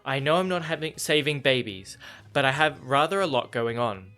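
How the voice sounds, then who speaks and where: A man's voice: mid-range voice, animated, normal speed, bright, forceful tone, soft background music. A man voicing a tired, guarded young man, reading his lines in a polite, strained way.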